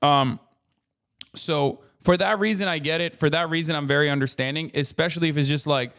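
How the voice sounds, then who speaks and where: A man's voice: on the high side, fairly bright tone. A man in his thirties talking casually on a livestream while reacting to a video, profane, rambling and sarcastic.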